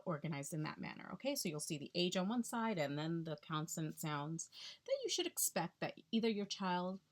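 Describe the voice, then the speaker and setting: A woman speech-language pathologist explaining techniques in a chatty, instructional way, checking in with the listener often. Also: on the low side.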